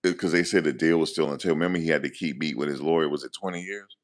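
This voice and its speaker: With a bass voice and fairly even intonation, this man talks fast. He's a livestream host giving loose, joking commentary while answering his live chat.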